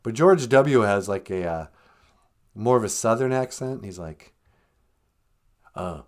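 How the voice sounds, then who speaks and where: A man hosting a comedy podcast, talking in a loose, sardonic way and laughing at his own jokes. His pitch is lively and varied, rising and falling as he banters. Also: unhurried, long pauses. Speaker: podcast host.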